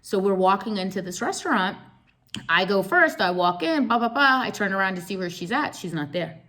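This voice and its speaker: A woman's voice: mid-range voice, animated, a little fast, sharp tone. A woman host giving an emphatic business talk, repeating key words and checking in with "right?".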